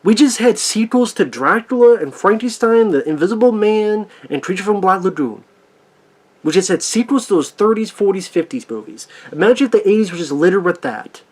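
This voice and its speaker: A man tears into a film in a foul-mouthed, sarcastic rant. His voice sits slightly high for a man. He swings between mocking quotes and blunt complaints. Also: lively intonation, fairly quick. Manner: angry, profane, sarcastic ranting. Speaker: movie reviewer. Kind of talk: profane rant review.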